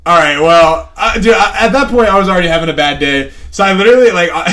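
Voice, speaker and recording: Young male podcast co-host, light high voice, rambling storyteller who swears and laughs a lot. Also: fast talker, pushed and bright. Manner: rambling, lots of fillers and profanity, laughs while telling stories. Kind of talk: casual storytelling chat.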